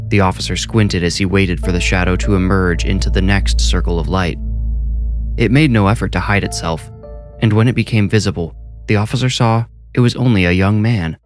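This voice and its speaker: A man with a fairly low voice tells a horror story in a measured, steady scripted delivery. Music plays clearly under his narration throughout.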